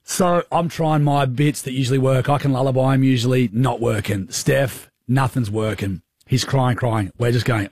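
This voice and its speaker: Husky Australian man on radio. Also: mid-range voice, fairly even intonation, normal speed, few pauses, a little mellow, no room sound, studio quality. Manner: chatty storyteller, slangy. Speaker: radio co-host. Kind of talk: casual radio banter.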